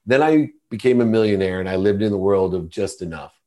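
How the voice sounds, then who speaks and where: Earnest low-voiced middle-aged man. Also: fairly quick, mellow. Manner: earnest, confessional. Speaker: podcast guest. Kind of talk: personal storytelling in conversation.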